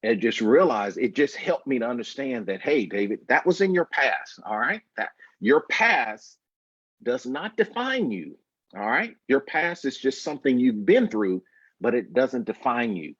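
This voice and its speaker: A man in his fifties, a guest on a call-in show, recounting his life in a slow, reflective, emphatic way. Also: mid-range voice, big pitch swings, fairly bright tone, husky, no echo, lo-fi sound. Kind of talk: personal storytelling interview. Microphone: video call.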